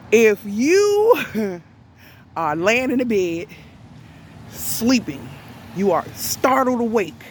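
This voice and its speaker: Woman storyteller, plain casual delivery, deliberate and emphatic, unhurried pace. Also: a little high, a little hiss or hum. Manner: deliberate, emphatic, with rhetorical questions. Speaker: storyteller recounting an event to viewers. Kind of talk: casual spoken retelling.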